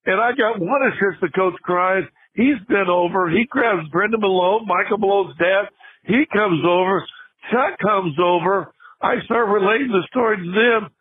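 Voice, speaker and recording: An older man, a guest on a podcast, telling a funny story in casual chat, with lots of restarts and laughter. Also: high voice. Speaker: podcast guest, former basketball player. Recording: tinny phone-line sound.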